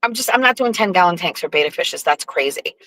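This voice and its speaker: A woman hosting her own show, telling a profane, animated story with sarcastic asides in a casual live-stream monologue. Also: fairly low pitch, fast talker, rough recording. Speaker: show host.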